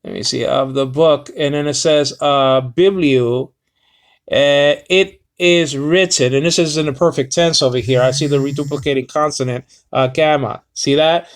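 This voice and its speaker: Man, slightly high voice, halting casual Bible lesson, many ums and uhs, sounds out Greek words. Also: fairly even intonation. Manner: halting, many fillers, reading aloud slowly. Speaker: Bible teacher.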